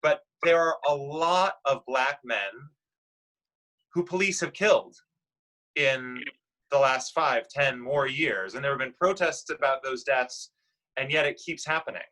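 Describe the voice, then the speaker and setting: A man's voice: mid-range voice, unhurried, bright, forceful tone, poor audio. A man leading a class discussion, patiently telling a news story to children and asking them guiding questions. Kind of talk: explaining current events to children.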